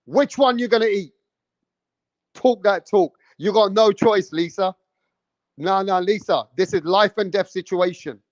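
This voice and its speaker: A man, hosting a livestream and loudly teasing and daring his chat, swearing freely. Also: high-pitched, measured pace, no room sound, dull audio. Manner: loud, teasing, swears a lot, goads the chat. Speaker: livestream host.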